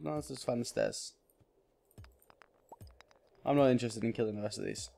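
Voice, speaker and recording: Male gamer host, casual let's-play commentary, chatty, mid-pitched, thinks aloud as he plays. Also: normal speed, vocal fry, mellow, slight background noise. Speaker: gaming channel host.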